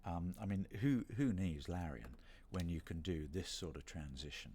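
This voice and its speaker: Deep, animated, rambling middle-aged man. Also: moderate pace, few pauses, breathy edge. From Britain. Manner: rambling, playful, self-deprecating. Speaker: voice actor hosting a signing stream. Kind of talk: casual livestream chat.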